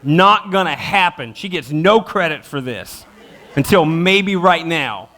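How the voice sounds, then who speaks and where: Animated, high-voiced storytelling pastor. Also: male voice, some chatter behind. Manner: animated, self-mocking, acts out his family in quick voices. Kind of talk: humorous sermon storytelling. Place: church auditorium.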